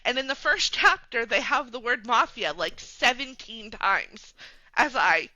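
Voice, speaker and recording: A woman's voice: a little high, lively intonation, measured pace, sharp tone, no echo, muffled recording. A woman guest on a podcast, chatting casually and laughing a lot, with plenty of "like" and "um" fillers. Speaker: guest, romance bookstore founder.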